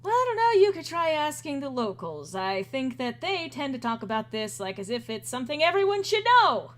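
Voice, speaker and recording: Casting: woman playing a bad-tempered male guard who barks his lines loud and sneering, pitched fairly high. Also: very animated, normal speed. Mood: irritated. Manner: snapping, scornful, loud. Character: surly hot-tempered male camp guard.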